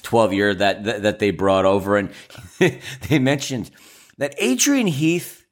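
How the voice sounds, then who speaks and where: A man's voice: lowish voice, expressive, unhurried. A man co-hosting a casual sports podcast, talking in a laid-back, playful way. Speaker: podcast co-host.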